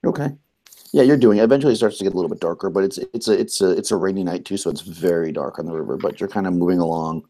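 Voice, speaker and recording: A man narrating as game master in a tabletop game, relaxed and rambling with many fillers. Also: low voice, rapid-fire.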